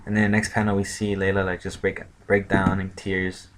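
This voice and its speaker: Low, flat-voiced man rambling a recap. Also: brisk, background noise. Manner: rambling, filler-heavy retelling with many "like"s. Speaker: manga reviewer. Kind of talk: casual chapter recap.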